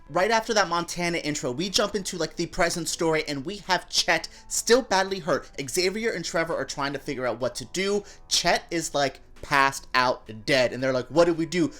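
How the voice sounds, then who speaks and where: Animated gossipy woman reviewing TV. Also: sits low. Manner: animated, gossipy and campy, with playful voices for quotes. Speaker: TV review show host. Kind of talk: casual TV review vlog.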